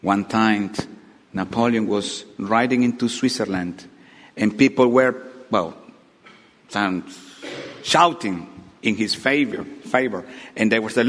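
Dramatic preacher in a reverberant hall. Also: male voice, fairly low pitch, takes it slowly, pauses often, a bit bright. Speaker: pastor. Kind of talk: sermon. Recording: long reverb of a large hall.

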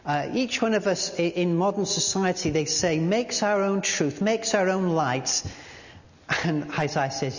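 A man preaching a sermon in a church, halting at times with fillers and restarts, and reading aloud from a book. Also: high voice. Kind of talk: sermon with a read-aloud story. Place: church hall. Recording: dull sound in a large reverberant hall.

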